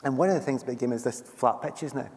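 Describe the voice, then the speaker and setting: A man's voice: medium pitch, fast, a little mellow. A middle-aged Scottish man, a guest author on a festival stage, talking in a chatty storytelling way and laughing often. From Scotland. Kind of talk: stage conversation at a book festival. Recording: long hall reverb from a festival stage.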